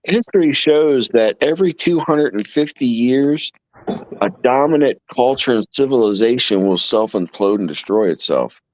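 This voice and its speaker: A man's voice: medium pitch, animated, moderate pace, dry recording. A man hosting a live stream in easygoing casual chat, cracking corny jokes. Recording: dull lo-fi audio.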